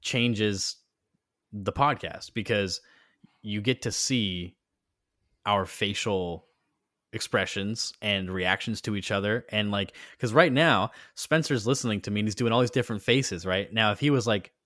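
Man, podcast co-host, casual rambling chat, lowish voice, dry close sound. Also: unhurried, fairly bright tone, no room sound. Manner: rambling, filler-heavy, self-correcting.

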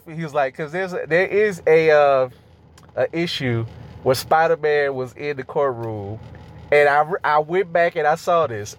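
A man co-hosting a podcast in casual chat, animated, laughing often and swearing casually. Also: fairly high pitch, slight background noise. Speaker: podcast co-host.

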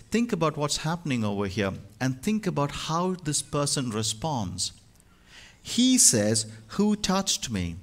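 A male pastor preaching a sermon, moving from hushed, slow lines to loud, emphatic ones. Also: medium pitch.

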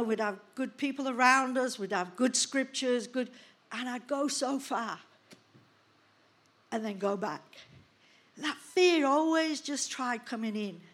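A woman pastor in her sixties telling a personal testimony in a sermon, with lively storytelling that acts out the scenes. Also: fairly high pitch.

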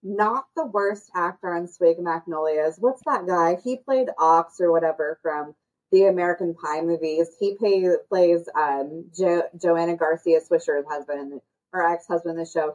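A woman's voice: on the low side, normal speed, a little mellow, poor audio. A woman co-hosting a podcast, talking bluntly, swearing freely and rambling in casual chat. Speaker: podcast co-host.

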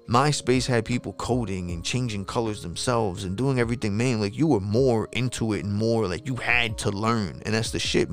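A man, talking casually and rambling, swearing a lot and losing his train of thought. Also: lowish voice. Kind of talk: casual monologue.

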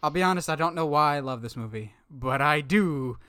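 A playful, opinionated co-host chatting about movies with firm emphasis. The voice is bright and sharp-edged, at a middle pitch. The sound is close and dry, with no room around it. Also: animated, fairly quick, smooth, dry recording. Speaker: podcast co-host. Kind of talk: casual movie chat.

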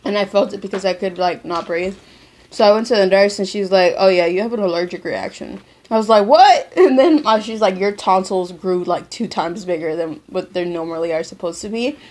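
A teenage girl telling a story in casual, slangy chat, animated and quick to laugh. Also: medium pitch.

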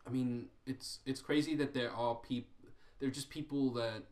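A man chatting on a podcast in a loose, profane, rambling way, circling back over his own words. His voice sits at an ordinary pitch, with a roomy echo around it. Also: fairly even intonation, moderate pace, darkish tone. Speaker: podcast host. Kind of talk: casual podcast chat.

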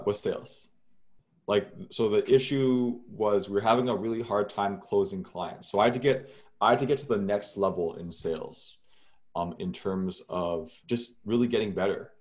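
A man's voice: lowish voice, unhurried. A man as an interview guest, talking casually and loosely with many fillers and restarts, over what sounds like a video call.

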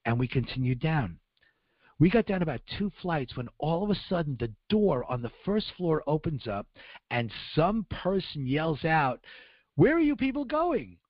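An earnest man recounting his own story on the radio, slipping into the voices of the people he met. His voice sits a little high for a man. The audio is dry and dull, with a lo-fi radio feel. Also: expressive, moderate pace, no echo. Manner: earnest, acts out dialogue in raised voices. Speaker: guest recounting survival. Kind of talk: first-person storytelling on radio.

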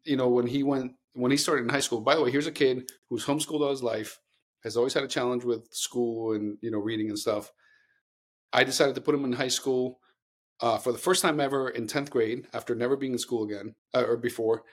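A man's voice: mid-range voice, fairly even intonation, brisk. A middle-aged man co-hosting a podcast, telling long earnest stories in casual chat with many restarts. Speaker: podcast co-host.

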